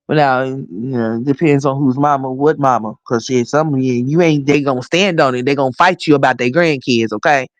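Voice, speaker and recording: A woman hosting a livestream, giving blunt, profane commentary and scolding directly, her voice hoarse. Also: extremely low pitch, fairly quick, hardly any pauses, no echo. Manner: blunt, scolding, profane, talks straight to viewers.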